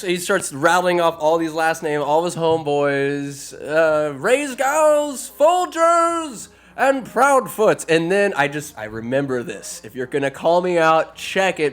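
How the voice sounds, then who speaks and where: A male podcast host retells a film in a crude, rambling, irreverent comedy style. His voice sits a little high for a man, and faint music plays underneath. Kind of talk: comedic movie recap.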